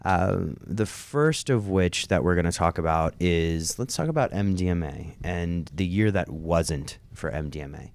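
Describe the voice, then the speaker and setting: A man's voice: deep voice, expressive, unhurried, gravelly, hardly any pauses, no echo. A man hosting a podcast in a loose, joking conversational way. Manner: easygoing, joking. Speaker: podcast host. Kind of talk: casual podcast chat.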